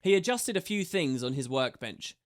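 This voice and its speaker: A man reading a fantasy audiobook aloud with steady, measured narration. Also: a little high.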